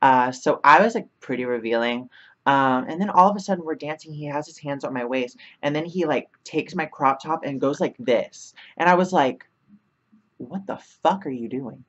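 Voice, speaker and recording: A woman's voice: low voice, moderate pace, fairly bright tone, muffled recording. Chatty young woman telling a story. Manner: chatty, fills with 'like', laughs often. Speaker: vlogger. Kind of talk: casual storytime.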